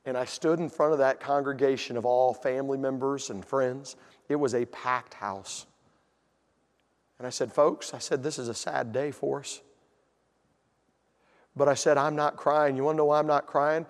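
A man preaching a sermon, telling a family story and building to shouted emphasis. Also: medium pitch, fairly even intonation, normal speed, pauses often, big-room sound. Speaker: pastor. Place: church hall.

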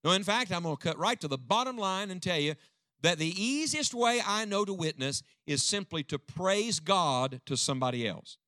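Rousing, bright-voiced older preacher. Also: male voice, high-pitched, lively intonation, moderate pace, dry recording, clean studio sound. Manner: dynamic, rousing, calls for congregation response. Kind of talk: sermon. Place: church before a live congregation.

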